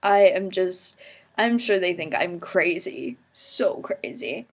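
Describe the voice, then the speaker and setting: A woman's voice: on the low side, slow pace. A young woman from America, a university student, chatting to the camera in a self-mocking way while getting over a cold. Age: young adult. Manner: chatty, self-mocking, animated quoted voices. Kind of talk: casual chat to camera.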